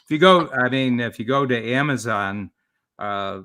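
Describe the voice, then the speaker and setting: Man, business coach, bright forceful tone, rambling explainer, interview guest. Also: mid-range voice, moderate pace. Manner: rambling, with many fillers and restarts. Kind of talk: explaining ideas in a live-streamed interview.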